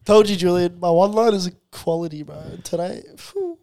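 A man's voice: sits high, normal speed, warm tone. A young man in casual chat, joking around and laughing often. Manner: jokey, laughs a lot. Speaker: podcast co-host.

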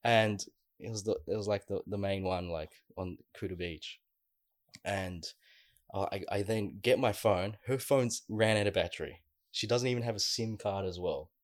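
Deep-voiced man telling a story. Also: normal speed, no room sound, studio quality. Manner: animated storyteller, many fillers. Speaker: podcast co-host. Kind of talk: casual podcast chat.

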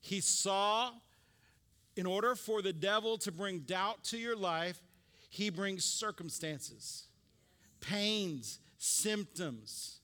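A man's voice: high-pitched, lively intonation, takes it slowly, pushed and bright, in a large hall. A man preaching a sermon as pastor, conversational and teaching, with joking asides and calls for the congregation to repeat after him.

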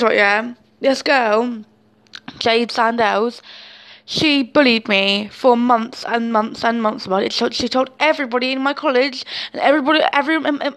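A young woman speaking to camera in an emotional personal monologue, intense and emphatic, often swearing and ending points with "yeah?". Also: a little high. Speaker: vlogger.

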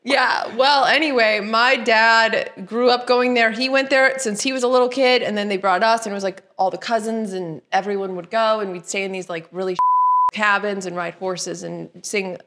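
Woman, comedian from Illinois, podcast guest, bubbly playful chat, casual swearing, mid-pitched voice. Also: fairly even intonation, moderate pace, a bit bright. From Illinois, USA.

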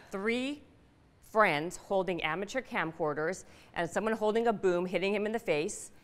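A middle-aged woman telling a personal story to an audience, animated and punchy, asking the room questions. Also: medium pitch, clear, resonant tone. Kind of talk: storytelling talk. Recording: reverberant hall.

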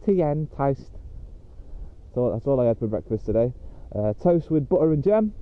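Bloke rambling on a dog walk, chatty, lots of ums, sounds thin like a phone. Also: male voice, mid-range voice, sing-song, brisk, muffled recording. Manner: rambling and chatty, with many fillers. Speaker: podcast host. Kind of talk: casual solo rambling podcast.

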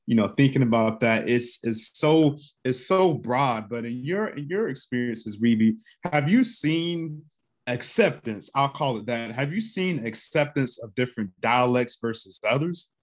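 Man from North Carolina, mid-pitched, folksy and relaxed, podcast host. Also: measured pace. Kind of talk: casual conversation.

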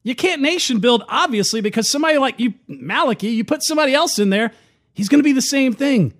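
A man's voice: extremely high pitch, animated, quick pace. A man hosting a political talk show, reading news quotes aloud and reacting with opinionated commentary. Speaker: host.

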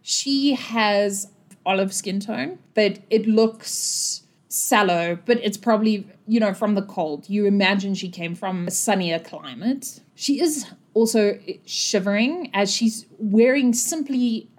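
A woman's voice: medium pitch, slow. Chatty woman game master. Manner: conversational, rambling with fillers. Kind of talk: narrating a tabletop game.

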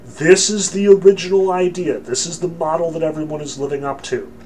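Man giving a lively, joking lecture. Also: a little high, fairly quick, slight background noise. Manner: lively, joking, emphatic, with many fillers. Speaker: religion lecturer. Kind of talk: casual lecture.

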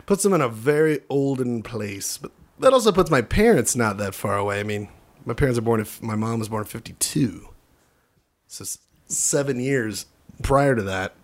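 A man's voice: medium pitch, animated, normal speed. Guy with hiccups cracking jokes on a podcast, voice all over the place, swears a lot. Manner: rambling, joking, swears freely. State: has the hiccups. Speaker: podcast co-host. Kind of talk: casual comedic chat.

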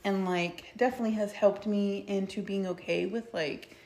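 Woman, podcast guest, candid, reflective, gravelly edge, medium pitch. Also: steady tone, moderate pace, darkish tone. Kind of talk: casual chat.

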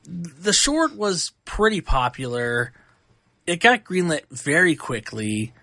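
A man hosting a podcast, giving a casual and animated movie review full of fillers and restarts. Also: a little high, takes it slowly, dry recording, clean studio sound. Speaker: podcast host.

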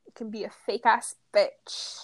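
Higher-pitched and measured, with a steady tone and no echo, this woman is a podcast host recording casually from a room in her home. She laughs frequently, curses freely, and wanders between ideas.

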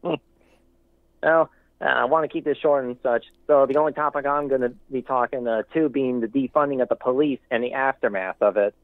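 A man's voice: medium pitch, fairly quick, dry recording. A male caller to a talk show giving rambling, emphatic opinions with many restarts. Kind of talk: casual call-in commentary. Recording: tinny phone line.

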